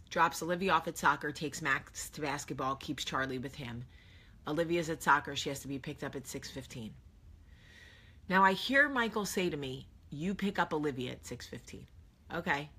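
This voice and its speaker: A woman in her thirties tells a story straight to camera, her low voice husky yet sharp and bright. She talks casually, bursting into loud shouts when she acts out moments. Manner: animated, shouting when reenacting, conversational. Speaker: vlog host.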